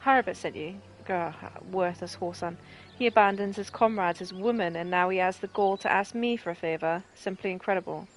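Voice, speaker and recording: A Northern English woman voicing a scornful, prickly female rebel in a game, with a sharp, mocking delivery. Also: lowish voice, a little fast, slight background noise, lightly acted. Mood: contemptuous.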